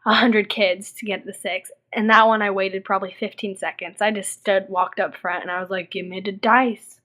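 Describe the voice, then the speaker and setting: A young woman from Texas vlogs in a casual video diary, telling stories animatedly and saying "like" a lot. Her voice is mid-range and her pace moderate.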